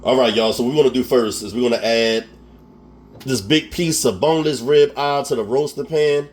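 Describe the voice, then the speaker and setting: Hosting a home cooking tutorial at a moderate pace, this man has a mid-range voice and a Philadelphia accent. His talk is casual and self-mocking, peppered with frequent "okay?" check-ins.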